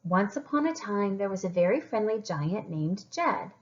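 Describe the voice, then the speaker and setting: Expressive woman teacher reading aloud. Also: medium pitch, normal speed, lo-fi sound. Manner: expressive, animated, encouraging. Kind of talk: reading a story aloud to children.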